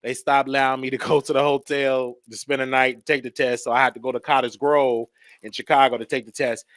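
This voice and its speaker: A young man hosting a show, telling a comedic story in an animated way and acting out the voices. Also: mid-range voice, fairly quick, no room sound. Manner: animated, acts out voices, laughs between lines. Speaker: show host.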